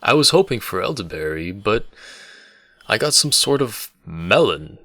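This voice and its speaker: Playful young innkeeper's helper, lilting and teasing, bright lively voice, from a low-voiced man. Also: measured pace, no echo, exaggerated voice.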